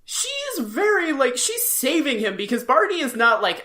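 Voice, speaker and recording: A woman's voice: high voice, very animated, normal speed, pushed and bright. A woman co-hosting a podcast, joking sarcastically about a TV episode and acting out lines. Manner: sarcastic, jokey, acts out characters' lines. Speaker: podcast co-host. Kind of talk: casual chat recapping a TV episode.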